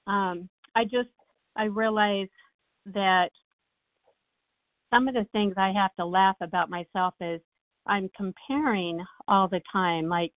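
A woman's voice: mid-range voice, no echo. Woman sharing over a tinny phone line. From Nashville, USA. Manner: rambling, self-mocking, animated when quoting herself. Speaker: meeting member sharing. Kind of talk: personal share on a phone meeting. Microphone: phone call.

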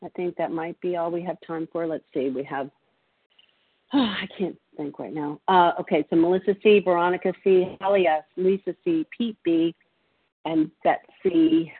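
A woman's voice: fairly low pitch, steady tone, moderate pace, slightly rough, no echo. A woman chairing an online recovery meeting in a friendly, apologetic, slightly flustered way. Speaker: meeting leader. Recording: tinny phone line with faint noise.

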